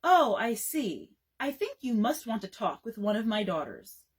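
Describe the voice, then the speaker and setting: A woman's voice: a little high, sing-song, normal speed, slightly rough. A woman reading aloud as a polite, formal older mother answering the telephone. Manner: courteous, formal.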